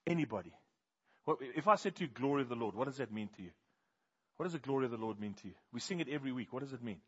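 A man preaching a sermon, firing questions at the congregation and swinging between hushed and loud passages. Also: medium pitch, breathy edge, dull audio.

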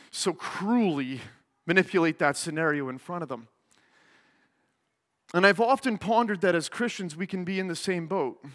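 A man preaching a sermon, telling a story in an animated way and acting out its people, heard in a reverberant church hall. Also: high-pitched. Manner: animated, acts out the people in his stories. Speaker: pastor.

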